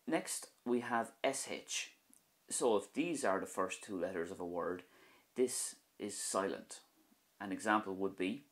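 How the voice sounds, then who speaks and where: Young Irish male tutor, very low voice, patient drills of example words. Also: a bit bright. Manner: slow, repeats each example word. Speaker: Irish language teacher. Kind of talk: video pronunciation lesson.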